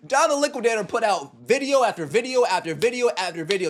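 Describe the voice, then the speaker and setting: A man's voice: very high-pitched, animated, quick pace, few pauses. A man hosting a podcast, giving scornful, sarcastic sports commentary and mocking what others said. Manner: sarcastic and scornful, mocking quotes in put-on voices. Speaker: podcast host.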